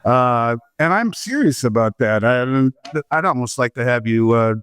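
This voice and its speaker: A man's voice: medium pitch, lively intonation, a little slow, a bit bright, clean tone, dry recording. Rambling, friendly male podcast host. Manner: friendly, rambling with many fillers and restarts. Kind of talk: casual interview chat.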